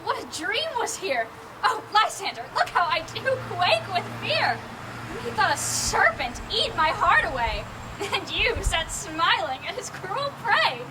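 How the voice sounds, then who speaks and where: A woman's voice: extremely high pitch, big pitch swings, measured pace, exaggerated voice. A woman playing Hermia, a young noblewoman. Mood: frightened. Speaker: stage actor. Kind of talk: outdoor Shakespeare stage acting. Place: outdoor town square. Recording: outdoor performance with loud background noise.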